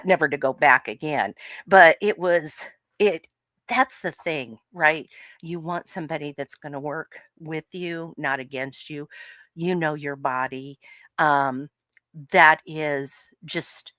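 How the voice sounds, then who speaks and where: Brief: middle-aged female podcast co-host, low voice, dry close sound, lively storyteller who laughs a lot. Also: takes it slowly, no room sound. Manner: animated storyteller, laughs often, acts out quotes. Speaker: podcast co-host and health coach. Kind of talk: casual podcast chat. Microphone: podcast microphone.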